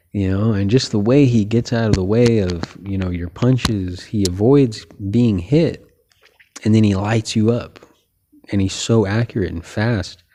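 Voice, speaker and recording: Chill guy rambling about fights, lowish mellow voice, lots of you knows and uh's. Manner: rambling, heavy on filler words like "you know"; relaxed, opinionated and loose. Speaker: host. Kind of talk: casual boxing talk monologue.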